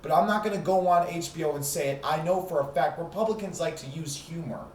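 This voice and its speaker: A man's voice: a little high, quick pace. A man hosting a heated, profane, sarcastic ranting monologue. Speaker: host. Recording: echoey room with faint noise.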